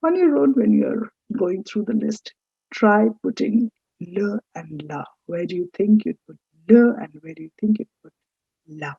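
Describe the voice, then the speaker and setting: A woman teaching a French lesson, speaking slowly and patiently and repeating words for learners to copy. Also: medium pitch, animated, gravelly, warm tone, husky, no room sound. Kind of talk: recorded language lesson. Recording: dull lo-fi dry recording.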